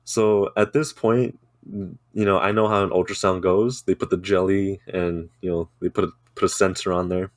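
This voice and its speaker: A man's voice: low-pitched, flat delivery, normal speed, no echo. A man co-hosting a podcast, telling a rambling story in casual chat, swearing freely and laughing often. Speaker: podcast co-host.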